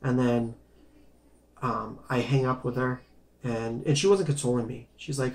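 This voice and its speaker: A man's voice: mid-range voice, a little slow, vocal fry, pauses often. A man casually recounting a personal medical story, rambling and conversational, with many restarts and fillers. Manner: animated and emphatic in tense moments.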